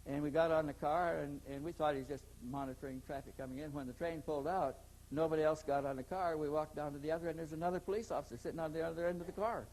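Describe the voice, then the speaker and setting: A man's voice: fairly high pitch, darkish tone, poor audio. Older man telling a rambling story. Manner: rambling, repeats words, acts out dialogue. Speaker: interview guest. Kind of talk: storytelling in an interview.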